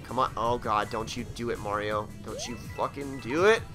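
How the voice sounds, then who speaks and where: Excitable man with a bright, lively voice. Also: mid-range voice, normal speed, soft background music. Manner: excitable, swears, panicky outbursts; talks to the game character. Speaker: gaming let's play host. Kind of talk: let's play commentary.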